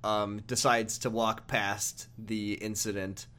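A man's voice: lowish voice, flat delivery, slow, a bit bright. A man co-hosting a casual podcast, joking and laughing often, with plenty of fillers. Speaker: podcast co-host.

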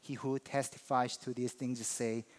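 A man preaching a sermon as a pastor, telling a personal story in an animated, emphatic way. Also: mid-range voice, measured pace.

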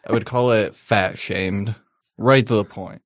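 A man with a lowish voice rambles through a casual podcast chat, full of fillers and jokes. He sounds close and dry on the mic. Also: fairly even intonation, measured pace, no echo. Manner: rambling, loose, joking with frequent fillers.

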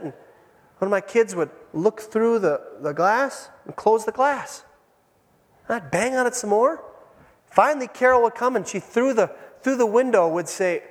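A man who is a pastor delivers a sermon in a church, telling stories and moving between hushed and raised delivery. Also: sits high. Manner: storytelling, dramatic shifts between hushed and raised. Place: church sanctuary. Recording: long church reverb.

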